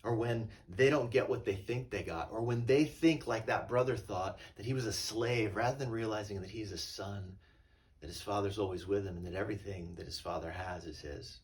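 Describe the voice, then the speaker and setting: A male pastor giving a relaxed, conversational sermon and retelling a parable. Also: lowish voice, moderate pace, recorded from a distance. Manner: conversational and storytelling.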